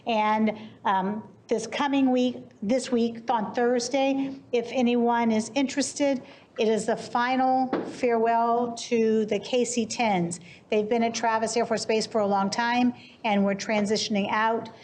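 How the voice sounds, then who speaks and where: A woman on a city council, giving her comments at a meeting in a plain, slightly halting way, speaking into a desk microphone in a council chamber. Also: a little high, a little mellow, a little hiss or hum.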